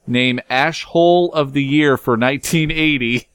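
A man's voice: on the high side, unhurried, fairly bright tone, clear, resonant tone, dry recording. A man co-hosting a casual podcast, joking around and reading out trivia questions with a rambling delivery. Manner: jokey, rambling, quizmaster. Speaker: podcast co-host. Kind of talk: casual chat.

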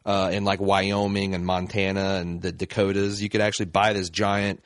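Low-voiced rambling podcast host. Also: male voice, level tone, normal speed, no room sound, studio quality. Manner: rambling, chuckling, pompous senator parody. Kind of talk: casual chat.

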